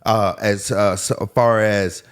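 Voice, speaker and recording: A man's voice: lowish voice, steady tone, slow, clean tone. A man as a podcast guest, earnestly telling his life story and repeating phrases for emphasis. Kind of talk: candid personal story.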